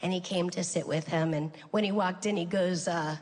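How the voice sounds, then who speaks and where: A deadpan woman at normal speed tells stories in her stand-up routine, keeping it conversational but popping into sudden high-pitched voices for the people she quotes. The live recording carries long hall reverb and faint ambience.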